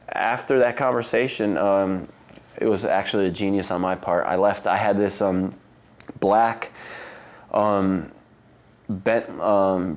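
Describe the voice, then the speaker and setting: Low-voiced man telling stories casually. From United States. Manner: rambling, heavy use of "like" and "um", laughs often, mimics voices in quotes. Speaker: interview guest, Olympic swimmer. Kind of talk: casual storytelling interview.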